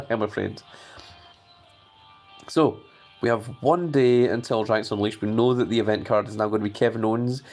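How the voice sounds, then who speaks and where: A man's voice: lowish voice, a little mellow. Chatty man streaming live. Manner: chatty, reads viewer messages aloud.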